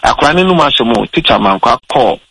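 Man, gravelly, bright tone, mixing Twi and English while telling a story on air. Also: mid-range voice, lively intonation, fast talker, dry recording, poor audio. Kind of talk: casual radio talk.

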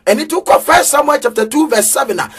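A man with a Ghanaian accent preaching a sermon in a sing-song cadence with sudden shouts. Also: very high voice, expressive, fast talker, faint music behind.

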